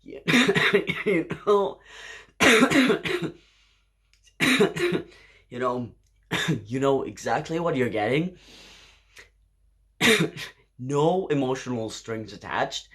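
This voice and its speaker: A man's voice: medium pitch, very animated, drawn-out words, pauses often, a bit bright, breathy edge. A tipsy man telling a rambling story at home late at night, coughing now and then and restarting his sentences. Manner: rambling, with filler words and restarts. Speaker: drag performer vlogging. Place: home, indoors.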